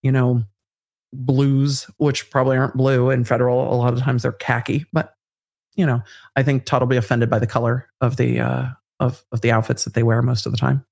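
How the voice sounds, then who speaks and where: A woman legal commentator giving analysis as an interview guest, measured and thinking aloud with fillers. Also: rumbling low, flat delivery, creaky, a little mellow.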